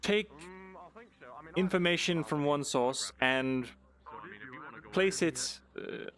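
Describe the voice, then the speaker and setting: Voicing a cautious, rule-bound male scribe in a live fantasy roleplay, a man speaks slowly with many hesitant ums and uhs and dry understatement. His voice is fairly high and fairly bright.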